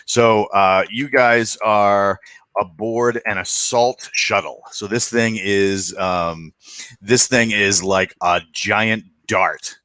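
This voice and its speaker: A man's voice: fairly low pitch, steady tone, takes it slowly, bright, forceful tone, dry recording. A man acting as game master who introduces players and narrates the scene in a loose, laughing way. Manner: loose, laughing, lots of fillers.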